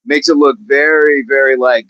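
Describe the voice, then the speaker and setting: A man's voice: mid-range voice, fairly even intonation, moderate pace, no room sound, muffled recording. A man hosting a casual fitness livestream, chatting with viewers in a rambling way and laughing often.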